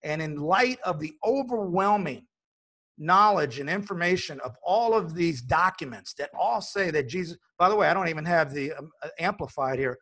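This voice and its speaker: Guy hosting a church broadcast, kinda high voice, earnest, lots of uh's and restarts. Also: animated, moderate pace, fairly bright tone. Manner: emphatic, earnest with filler restarts. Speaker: host. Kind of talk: conversational religious broadcast.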